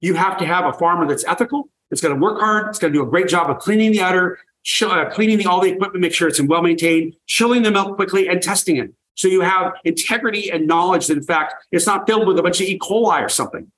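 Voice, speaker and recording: Older man, eager and fairly high-voiced. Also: quick pace, few pauses, a bit bright, poor audio. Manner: enthusiastic storyteller, emphatic repetitions. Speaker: guest, raw milk farmer. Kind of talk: energetic interview talk.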